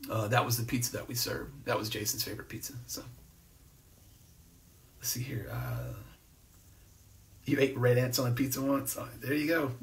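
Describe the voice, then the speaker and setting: A man hosts a live stream and reads out comments as he goes, in an easygoing, meandering way full of "um" and false starts. His voice sits at an ordinary middle pitch. He is a little way off from the mic, so the sound sits back in the room. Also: moderate pace, pauses often, recorded from a distance. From New Jersey. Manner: rambling, laid-back, many fillers and restarts. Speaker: host. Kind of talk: casual livestream chat reading comments. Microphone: phone or webcam on a live stream.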